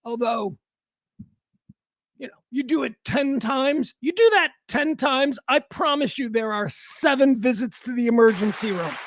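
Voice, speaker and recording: A man's voice: very high voice, measured pace, a bit bright, no room sound. A man hosting a livestream, chatting casually and enthusiastically as he comments on online videos, laughing often. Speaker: livestream host.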